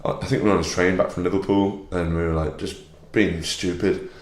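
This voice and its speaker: A man's voice: low-pitched, fairly even intonation, fairly quick. A young man with a North West English accent, a comedian guest chatting casually on a podcast, rambling and laid-back, drinking whiskey as he talks. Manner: rambling and laid-back, full of "like", laughs often. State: drinking whiskey while talking. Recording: roomy echoey room.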